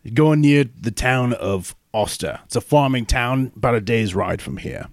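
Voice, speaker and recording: A man's voice: medium pitch, no room sound, studio quality. Laid-back man running a tabletop game. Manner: halting with fillers, laughing often. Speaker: game master.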